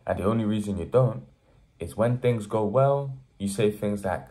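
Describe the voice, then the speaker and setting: Talking at a moderate pace in a warm voice on the low side, a young vlogger addresses the camera directly. He sermonizes earnestly about hard work, working his way up to emphatic pushes.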